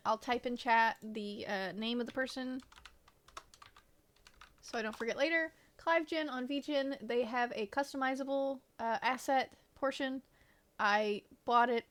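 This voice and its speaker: A woman game streamer in casual live-stream chat, greeting viewers and swearing offhandedly. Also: a little high.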